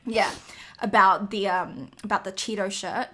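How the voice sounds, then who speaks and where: A woman's voice: medium pitch, steady tone, unhurried, a bit bright. A woman co-hosting a podcast in casual chat, talkative, swearing freely and laughing often. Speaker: podcast co-host.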